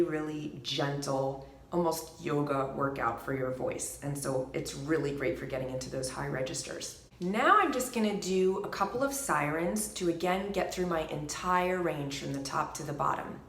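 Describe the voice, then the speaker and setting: A woman vocal coach calmly explaining a gentle singing warmup, stopping to sing short demonstration syllables. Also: low voice, normal speed. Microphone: microphone. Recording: echoey room with piano.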